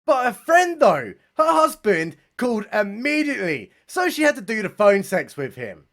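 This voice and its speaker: High, lively, mocking young man. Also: normal speed. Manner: mocking, deadpan asides, swears casually. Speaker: comedy reviewer. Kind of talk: sarcastic review commentary.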